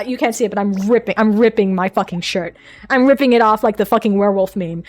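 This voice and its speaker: A young woman VTuber chatting live with her viewers, excitable, swearing and laughing often, into a desk mic at home. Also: mid-range voice, normal speed, faint music behind. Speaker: VTuber streamer. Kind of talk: casual live-stream chat. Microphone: desk microphone.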